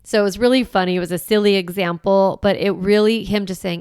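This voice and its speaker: A woman's voice: medium pitch, fairly even intonation, fast, few pauses, darkish tone, clean tone, no room sound, studio quality. A woman in her forties hosting a solo podcast, talking in an earnest, reflective way with light laughs. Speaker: podcast host.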